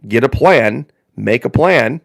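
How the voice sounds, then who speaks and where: A man's voice: medium pitch, lively intonation, slow, creaky, no room sound, studio quality. A man from northern Indiana hosting a live stream in casual chat, rambling in a folksy way and repeating phrases for emphasis.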